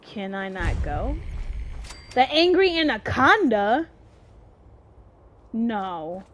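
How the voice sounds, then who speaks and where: A woman's voice: fairly high pitch, very animated, very slow, a little hiss or hum. A woman giving casual gameplay commentary, swearing and shrieking in panic as things go wrong. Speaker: gameplay streamer.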